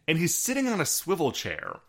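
A man's voice: fairly high pitch, wildly swooping pitch, a little fast. A man co-hosting a casual podcast, narrating episode scenes and quoting characters. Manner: storytelling, narrates scenes with quoted lines. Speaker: podcast co-host. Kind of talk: casual chat recapping a show.

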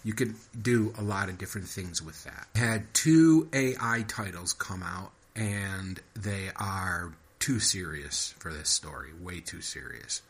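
A man's voice: low voice, measured pace, few pauses, husky. A man hosting his own podcast, reading short fiction aloud and then chatting in a rambling, repetitive way. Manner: rambling, self-interrupting, repeats himself. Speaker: podcast host and fiction writer.

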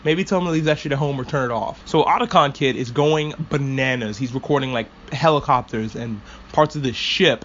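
A man's voice: medium pitch, a bit bright, muffled recording, slight background noise. A man hosting a casual anime discussion podcast, rambling and swearing freely as an enthusiastic fan. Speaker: podcast host.

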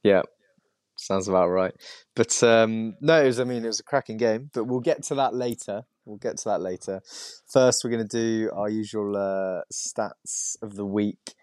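Low-voiced chatty male quizmaster. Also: moderate pace, a little mellow, no echo. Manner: chatty, laughs often, many fillers. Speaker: podcast host and quizmaster. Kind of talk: casual sports chat.

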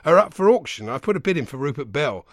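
A man's voice: on the high side, very animated, fast talker, a crowd in the background. A man co-hosting a podcast, chatting casually, joking and laughing often. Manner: laughs often, jokey, teasing. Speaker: podcast co-host. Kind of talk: casual chat.

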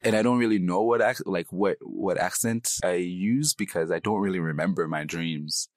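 Interviewee: young man from Nigeria, slight Nigerian accent, very low voice, dry close sound, thoughtful and hedging. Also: normal speed, no room sound. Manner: reflective, hedging, laughs easily. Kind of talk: casual interview.

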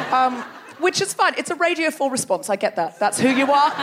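On a large theatre stage before a live audience, a woman hosts a comedy podcast, bantering playfully with the crowd like a stand-up and laughing often. Her voice is high and expressive at a normal speed, with background noise present.

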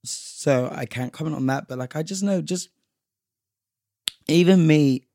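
A man's voice: a little high, unhurried, warm tone, no room sound, clean studio sound. A young man, chatting casually on a podcast in a laid-back, joking way. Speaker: podcast co-host. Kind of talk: casual chat.

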